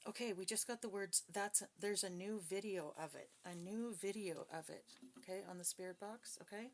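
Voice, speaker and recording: A woman's voice: medium pitch, moderate pace, a little hiss or hum. A woman who is a psychic reader, talking casually and bluntly to her viewers, with plenty of swearing and emphasis. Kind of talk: casual personal talk to viewers.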